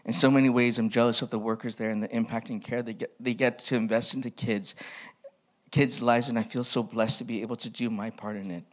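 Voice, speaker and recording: A man speaking as a pastor, reading from an old journal to his listeners. His delivery is candid and reflective, with a self-mocking edge. His voice sits in an ordinary middle pitch for a man. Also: fairly even intonation, fairly quick.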